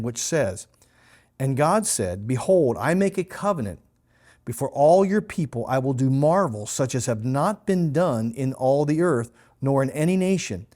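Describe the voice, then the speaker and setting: A middle-aged man, a pastor, teaching a Bible lesson in a steady explanatory way, repeating key points. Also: on the high side.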